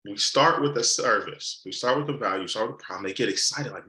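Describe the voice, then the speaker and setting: A man's voice: fairly low pitch, a little fast. A man teaching a live sales training session, acting out customer conversations and repeating key points for emphasis. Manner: animated, acts out customer dialogues. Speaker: sales coach. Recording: roomy echo.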